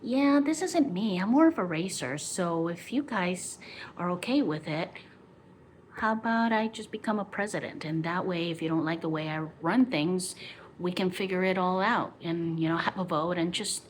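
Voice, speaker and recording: A woman's voice: on the low side, normal speed, slight background noise, close to an everyday voice. A woman voicing a spunky young girl racer from a cartoon, breezy and easygoing.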